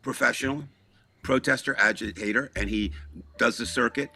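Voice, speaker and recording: A man's voice: medium pitch, normal speed, gravelly, sharp tone, husky, soft background music. A man chatting casually as a podcast co-host, telling a long story in a rambling way with restarts, asides and small chuckles.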